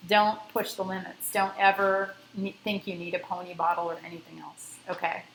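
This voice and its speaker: A woman's voice: on the low side, monotone, moderate pace, echoey room, slight background noise, low-quality recording. A woman scuba instructor lecturing a class, telling a personal story in a conversational way and stressing safety. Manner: conversational, emphatic about safety.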